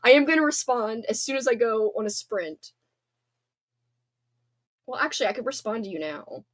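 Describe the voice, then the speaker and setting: Chatty thirtysomething woman hosting a stream, a bit high pitched, says like a lot. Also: big pitch swings, moderate pace. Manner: bubbly, chatty, lots of "like" and "frickin'". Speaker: livestream host reading chat. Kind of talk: casual chat.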